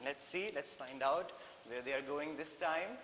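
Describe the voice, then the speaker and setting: A man's voice: a little high, a bit bright. Indian man teaching in an echoey classroom. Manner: explains slowly, repeating phrases with "okay?" checks. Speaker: English teacher. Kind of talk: textbook lesson explanation. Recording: echoey hall with faint hiss.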